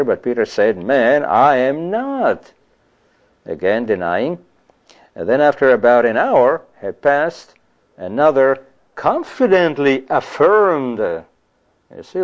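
A man's voice: medium pitch, darkish tone, muffled recording. A man giving a conversational sermon on scripture, often adding "you see" and "you know". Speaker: preacher.

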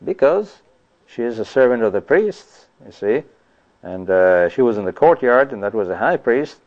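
A man preaches a sermon in a conversational way, at a mid pitch, often adding "you see" and "you know". His voice comes through a slightly muffled, lo-fi recording. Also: very animated, normal speed, darkish tone. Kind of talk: sermon on scripture.

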